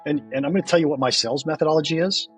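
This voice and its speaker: A man hosting a podcast in a casual interview chat, self-deprecating and quick to laugh, often repeating words when he gets excited. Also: on the high side, faint music behind. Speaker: podcast host.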